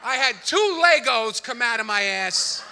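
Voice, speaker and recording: A man doing a brash, rapid-fire stand-up comedy routine on a theater stage. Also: extremely high pitch, expressive, sharp tone. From New York, the Bronx. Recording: live theater reverb, faint room noise.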